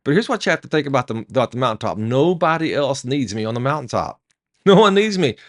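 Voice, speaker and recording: A man's voice: medium pitch, expressive, fast. Man preaching a devotional sermon. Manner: storytelling, emphatic.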